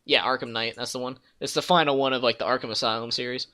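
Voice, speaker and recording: Bright-voiced laughing young man. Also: medium pitch, steady tone, fast talker. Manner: laughs often, swears, acts out cartoon scenes. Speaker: podcast host. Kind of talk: casual chat.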